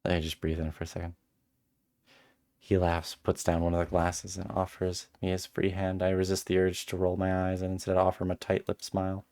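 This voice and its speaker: Low-voiced male streamer narrating a game aloud, quick to break into exasperated commentary. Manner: animated, exasperated asides. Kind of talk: reading a visual novel aloud with live commentary.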